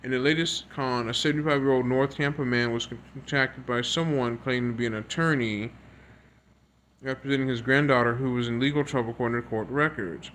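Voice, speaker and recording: A faint hiss or hum sits under this mid-range, slightly bright male voice. The video creator reads news stories aloud, adding earnest, repetitive commentary, and keeps stumbling over words and going back to start again.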